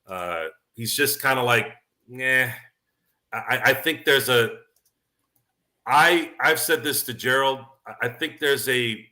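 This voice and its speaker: A man's voice: mid-range voice, a little slow, pushed and bright. Rambling, stammering male sports host. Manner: livestream chat reading viewer questions. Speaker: podcast host. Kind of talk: casual sports talk.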